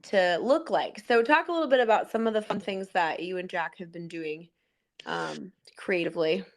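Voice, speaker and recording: A woman's voice: fairly low pitch, normal speed. A woman hosting as a life coach, talking in a reflective, encouraging way in casual conversation.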